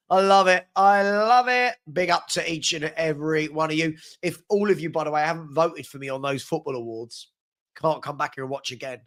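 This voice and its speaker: Casting: male live-stream host, slightly higher voice, playful and chatty, has a cold. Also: brisk, fairly bright tone. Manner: chatty, playful, teasing, repeats himself. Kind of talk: casual live-stream chat reading viewer comments.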